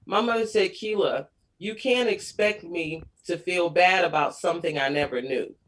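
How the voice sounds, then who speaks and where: A woman's voice: lowish voice, normal speed. Laughing, storytelling woman in her forties. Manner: storytelling, laughs often, animated quotes. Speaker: guest. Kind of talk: casual chat.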